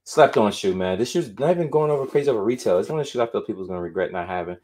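A man's voice: lowish voice, lively intonation, racing, darkish tone, a little hiss or hum. A man running a casual live stream at home, showing off his sneaker collection in a loose, chatty way, a little out of breath. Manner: loose and chatty, drifts between sing-song muttering and explaining. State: winded, out of breath. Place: home room full of shoes.

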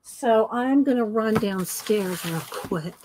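Slow-talking chatty woman host. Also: a little high, lively intonation, a little mellow, slight background noise, poor audio. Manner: rambling, chatty, thinks aloud. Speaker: art channel host. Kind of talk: casual chat showing books.

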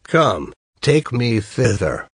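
A man voicing a simple-minded male bear in a storybook reading, in his own slow voice. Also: mid-range voice, very animated, husky, no room sound, clean studio sound, full character voice. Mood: curious.

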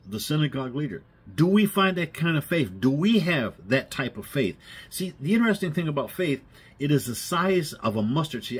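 A male preacher delivers a casual sermon with a husky, slightly rough voice. His pitch swings widely as he talks, and he keeps it conversational and folksy, checking in with his listeners for amens. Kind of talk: informal sermon.

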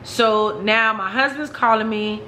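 A woman's voice: fairly high pitch, measured pace, pushed and bright, a little hiss or hum, rough recording. A woman vlogger telling a personal story in a frank, chatty way, talking straight to her viewers.

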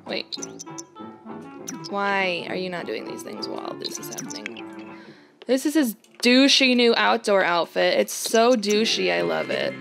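A woman's voice: mid-range voice, sing-song, a little slow, gravelly, over music. A woman hosting a casual let's-play, chatting playfully as she plays and tossing out mock-outraged exclamations. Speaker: gaming channel host.

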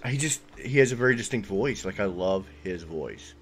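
A man co-hosting a casual podcast, talking enthusiastically with quick asides. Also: sits low, expressive, a bit bright, soft background music. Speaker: podcast co-host. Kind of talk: casual chat.

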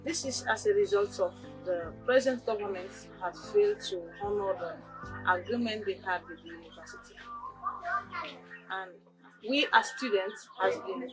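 A young woman speaks as a student giving testimony, steady and earnest in her complaint. Her voice sits in an ordinary middle pitch. Clear music plays behind her throughout. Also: moderate pace, low-quality recording. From Sierra Leone. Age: young adult. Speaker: university student. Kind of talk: testimony in a documentary interview. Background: background music.

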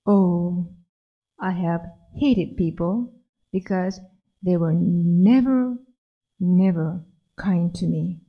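A woman's voice: on the low side, very slow, pauses often, lo-fi sound, full character voice. Woman voicing a lonely, sad dragon. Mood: puzzled, sad. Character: lonely sad male dragon, big and feared.

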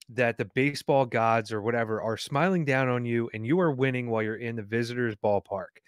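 A man's voice: mid-range voice, dry recording, studio quality. A man co-hosting a podcast, offering blunt interjections in casual chat. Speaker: podcast co-host.

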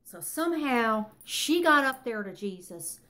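A woman's voice: fairly high pitch, very animated, measured pace, pushed and bright. Earnest older woman teaching the Bible. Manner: earnest, emphatic, with frequent fillers and self-corrections.

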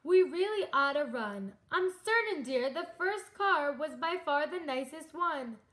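A woman voicing a cautious, sensible husband spider who talks in a careful, gently worried way. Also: high-pitched, animated, unhurried.

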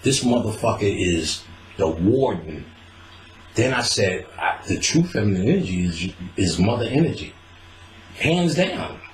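Animated man with a roomy echo. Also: fairly low pitch, unhurried, slight background noise. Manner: animated, laughs often, acts out quoted lines. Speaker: podcast host. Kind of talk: casual profane storytelling chat.

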